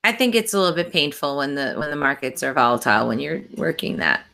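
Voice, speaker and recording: A woman's voice: sits low, sing-song, fast, creaky, pushed and bright. A woman hosting a casual chat show, upbeat and chatty, with lots of fillers. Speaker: podcast host.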